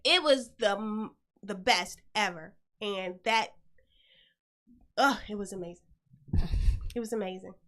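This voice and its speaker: A middle-aged woman hosting a show, telling a story in a lively, blunt and profane way. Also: medium pitch, unhurried, long pauses. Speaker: host. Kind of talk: casual storytelling chat.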